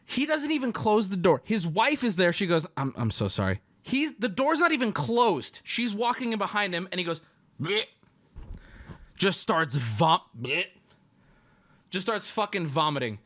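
A man with a fairly high voice that swings wildly up and down as he tells a crude story. He rants casually and acts out every person in it. He sounds like a streamer talking to his chat. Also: moderate pace, hardly any pauses. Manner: crude, animated, acts out other people's lines. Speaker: streamer host.

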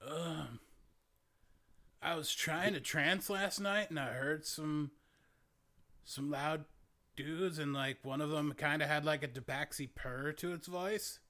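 A man's voice: a little high, bright, forceful tone. A man voicing a laid-back young male druid hermit who rambles and hesitates, full of "like" and "man". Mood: rambling. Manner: rambling, halting, lots of "like" and "man". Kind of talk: in-character tabletop role-play.

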